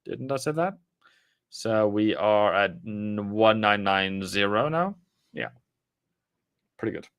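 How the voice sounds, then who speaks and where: A man with a low, smooth voice talks loosely through a live trading stream. He rambles and answers viewer comments. The sound is close and dry. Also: lively intonation, slow pace, long pauses, fairly bright tone, no room sound.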